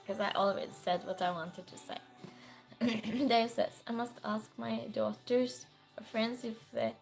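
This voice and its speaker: Woman streamer, slow casual chat, gravelly and hoarse from a cold, reading chat out loud. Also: on the high side. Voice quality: hoarse, keeps clearing throat. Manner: reads viewer messages aloud and chats back. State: has a cold, sore throat. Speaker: livestream host reading chat.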